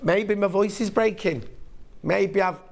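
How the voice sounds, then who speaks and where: A man's voice: sits high, slow pace. A man hosting a live shopping channel show while losing his voice, chatting and joking with viewers. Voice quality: croaky, gravelly. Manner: chatty, self-mocking banter with viewers. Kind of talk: live sales presenting.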